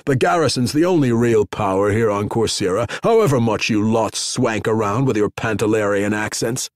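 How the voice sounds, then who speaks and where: A male narrator voicing a belligerent army captain who shouts and blusters. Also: lowish voice, normal speed, dry recording, studio quality, close to an everyday voice.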